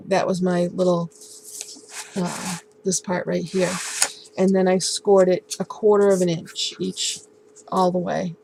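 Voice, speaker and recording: A woman crafter talks through a handmade project in an easygoing show-and-tell. Her voice has a gravelly, creaky edge and stays fairly level in pitch. She pauses often with ums and restarts her sentences, and a faint hiss sits under the recording. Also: poor audio. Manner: relaxed, halting, lots of ums and restarts. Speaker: crafting vlogger.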